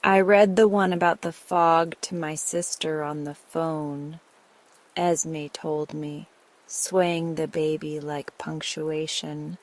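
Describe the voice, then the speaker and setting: A woman narrating a bedtime sleep story in a soft, slow, soothing way. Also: low-pitched, fairly even intonation, rough recording.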